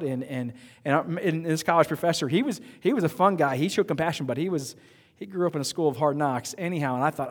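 A middle-aged male pastor preaching with a lively, conversational storytelling manner. His voice sits a bit higher than most men's. Long echo from the church hall trails behind each phrase. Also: fast. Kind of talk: sermon. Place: church sanctuary.

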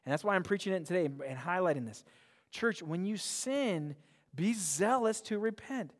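In a church sanctuary, a male pastor preaches an earnest, emphatic sermon, often repeating words to drive his point home. His voice is high with lively intonation at a moderate pace, and the recording carries the long reverb of a large hall.

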